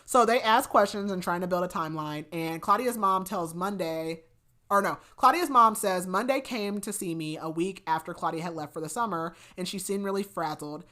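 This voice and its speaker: Female podcast host, lower voice, casual rambling book recap. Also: moderate pace, pushed and bright. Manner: chatty, many fillers and restarts.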